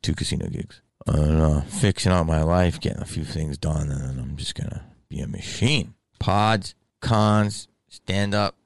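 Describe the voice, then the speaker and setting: A man's voice: on the low side, creaky, no room sound. A man rambling through a profane, casual monologue to camera about his convention weekend, telling stories as a stand-up comedian.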